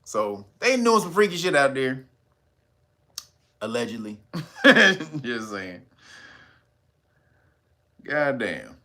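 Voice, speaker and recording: A man's voice: mid-range voice, very animated, slow, long pauses, fairly bright tone. A man hosting his own channel, talking in a casual, comedic, profane way and breaking into laughter between lines. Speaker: channel host. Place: California.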